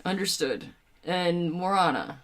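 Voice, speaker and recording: A woman's voice: lowish voice, lively intonation, measured pace, slight background noise, voice pushed down. A woman playing an earnest formal soldier.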